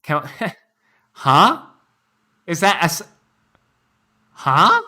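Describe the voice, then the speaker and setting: Guy streamer reacting to an old anime, slow talker, bright voice, laughs a lot. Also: fairly high pitch. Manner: laughs often, animated and joking. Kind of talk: casual reaction commentary.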